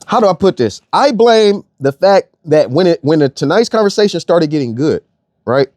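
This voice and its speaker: Heated, animated man ranting profanely. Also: fairly high pitch, moderate pace, no echo. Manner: repeats phrases for emphasis. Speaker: online commentator. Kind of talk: ranting monologue.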